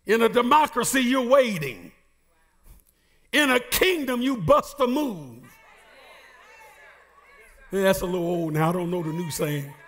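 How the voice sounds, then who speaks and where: High, bright-voiced shouting preacher. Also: male voice, very animated, measured pace, long pauses. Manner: shouting, sing-song preaching with playful asides. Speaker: pastor. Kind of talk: sermon.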